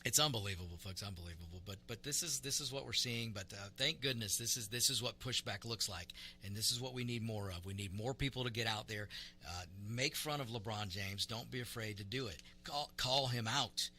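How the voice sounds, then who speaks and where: A man's voice: lowish voice, fairly quick, pushed and bright. Emphatic male talk radio host. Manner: emphatic, repeats words as he restarts. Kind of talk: opinionated talk radio commentary.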